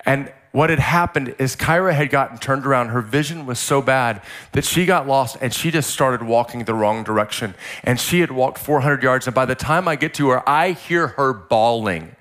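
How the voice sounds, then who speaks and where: A man preaching a sermon as a guest pastor, telling a story in a vivid, animated way. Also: mid-range voice, normal speed, hardly any pauses. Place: church service.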